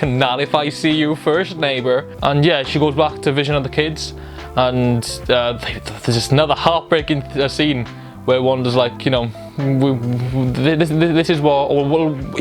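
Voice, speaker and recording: A young man retelling a show's finale with breathless excitement. He stays at a medium pitch, slips into little voices for the characters and swears freely. Faint music plays under his voice. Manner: excitable, swears, acts out quotes. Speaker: film review host. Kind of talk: excited casual recap.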